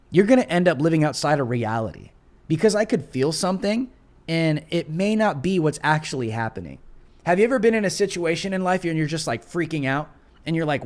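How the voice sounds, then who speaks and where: Slangy, animated male live-stream host. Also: fairly high pitch. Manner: animated, repetitive, slangy and casual. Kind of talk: live political commentary stream.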